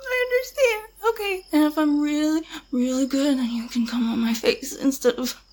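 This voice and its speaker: A woman's voice: sits high, normal speed, a little mellow, lightly acted. A woman playing a terrified, tearful pleading woman.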